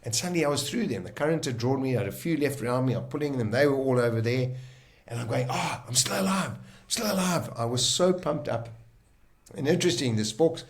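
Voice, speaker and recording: A man telling his own survival story in casual talk, vivid and emotional, often pausing and restarting. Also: medium pitch, lively intonation.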